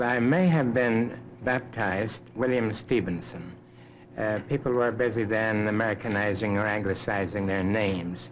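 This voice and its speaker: A Canadian Arctic explorer in his seventies, lowish of voice, gives unscripted interview answers slowly and deliberately, with many pauses, fillers and hesitations. The dull, lo-fi 1950s recording has a clear hiss beneath every word.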